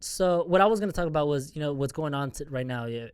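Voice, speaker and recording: A man's voice: fairly high pitch, lively intonation, quick pace, clear, resonant tone, dry recording. Rambling, profane podcast man, dry sound. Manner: rambling, profane, self-mocking. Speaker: podcast host. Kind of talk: casual solo podcast rant.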